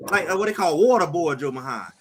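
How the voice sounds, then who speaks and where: A man hosting a casual sports talk show, animated and stammering over repeated words as he acts out little scenes. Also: on the high side, fast talker, husky, poor audio. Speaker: show host.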